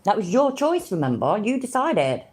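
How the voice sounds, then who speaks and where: A woman's voice: mid-range voice, big pitch swings, moderate pace, a little mellow, slightly rough. A woman from Middle England, chatting casually on a live stream, easily amused and laughing often. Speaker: streamer reacting to videos and chat.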